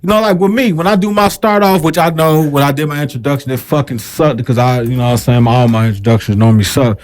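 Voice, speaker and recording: A man's voice: a little high, fast. A man chatting casually as a podcast guest, profane and joking, often saying "you know what I'm saying.".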